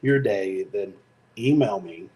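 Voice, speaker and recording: A man with a Tennessee accent hosting a casual livestream, talking slowly with lots of ums in an easygoing, joking way. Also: on the low side, dark tone, poor audio. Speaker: FPV drone channel host.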